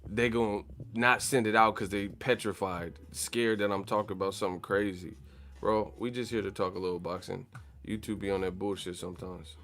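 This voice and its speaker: Profane joking man with low voice. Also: fairly even intonation, moderate pace, a bit bright. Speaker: boxing channel host. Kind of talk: casual livestream chat. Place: in the Bay Area, California.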